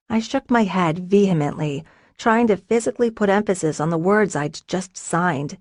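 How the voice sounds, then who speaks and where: A woman narrating a novel in the first person in a soft, earnest, emotional way. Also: mid-range voice, lively intonation, moderate pace, dry recording, clean studio sound. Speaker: audiobook narrator.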